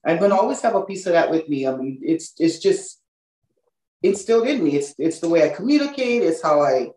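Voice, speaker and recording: Low-voiced woman with a Hawaiian Pidgin accent. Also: fairly quick. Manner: relaxed, repeats "you know what I mean". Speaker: guest. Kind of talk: casual interview. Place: now living in Texas. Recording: roomy, distant from the mic.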